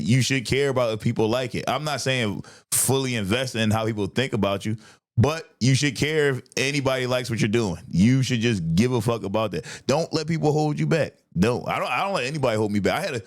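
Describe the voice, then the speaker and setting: Dude hosting a podcast, cursing a lot, telling wild stories, music low in the back. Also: male voice. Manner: profane, animated storyteller. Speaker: podcast host, comedian. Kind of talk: casual chat.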